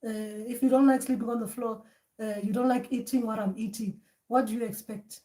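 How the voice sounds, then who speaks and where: A woman's voice: fairly high pitch, fairly even intonation, fairly quick, warm tone. A woman giving a spiritual teaching talk in a conversational way, with many fillers and restarts.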